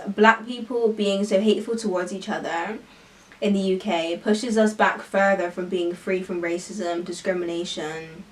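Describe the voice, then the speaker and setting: A young woman with a British accent talks straight to camera in a casual opinion vlog. She is animated and emphatic and fills her talk with "like". Her voice sounds a little distant from the mic. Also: mid-range voice. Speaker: YouTuber.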